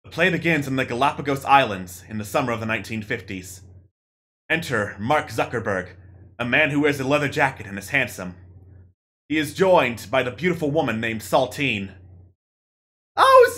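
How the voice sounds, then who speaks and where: A man's voice: medium pitch, expressive, a little fast, bright, forceful tone. A man streaming a text adventure, narrating playfully to chat in a mock-dramatic way.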